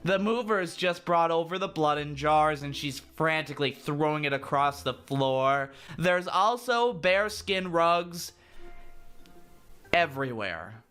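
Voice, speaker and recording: A lively man reads a fan fiction out loud and keeps breaking off to mock it. His voice sits a bit high, swings up and down a lot, and sounds bright and sharp. Faint music plays behind him. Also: slow, clean tone. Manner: sarcastic, animated. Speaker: YouTuber reading fan fiction. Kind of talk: dramatic reading with sarcastic commentary.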